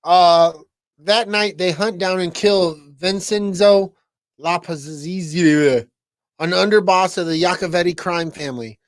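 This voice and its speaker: An excitable man co-hosting a podcast, swearing and laughing through a casual film chat. His voice is high for a man. The sound is dry and close, with no room echo. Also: a little slow. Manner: excitable, laughs a lot, profane. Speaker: podcast co-host.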